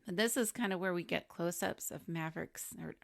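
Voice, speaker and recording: Brief: deadpan woman co-host with a low, fry-tinged voice. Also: fairly quick, no room sound, studio quality. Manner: sarcastic, deadpan jokes. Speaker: podcast co-host. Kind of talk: casual movie podcast chat.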